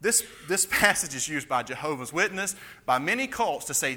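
A man preaching an expository sermon with a tense, hard-driving voice set a little high. He grows emphatic and fervent as he presses his points. The sound rings with the long reverb of a large church hall. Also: big pitch swings, moderate pace, bright, forceful tone.

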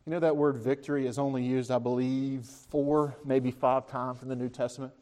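A man preaching a sermon, retelling scripture as a story, asking his listeners questions and lifting his voice when he speaks the disciples' lines. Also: normal speed. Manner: animated storytelling, voices the disciples' words with rising pitch; conversational, asks the listeners questions.

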